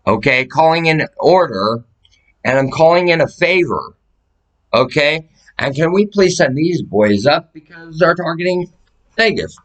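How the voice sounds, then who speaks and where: A man's voice: fairly high pitch, lively intonation, unhurried, poor audio. A man talks straight to the camera in a long, rambling rant. He swears constantly, pleads urgently and jumps between subjects. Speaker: vlogger.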